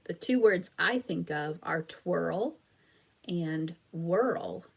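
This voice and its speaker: Slow, husky-voiced woman teacher. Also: lowish voice, lively intonation. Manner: patient, encouraging, stretches and sounds out words. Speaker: elementary school teacher. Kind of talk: slow, clear phonics lesson video for children.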